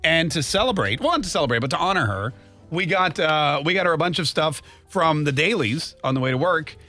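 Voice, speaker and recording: A man from North Carolina hosting a morning radio show, his voice bright and a touch high. He talks fast in joking, teasing banter from the studio, with faint music underneath. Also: animated. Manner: quick, joking, teasing storyteller. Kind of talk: casual on-air banter.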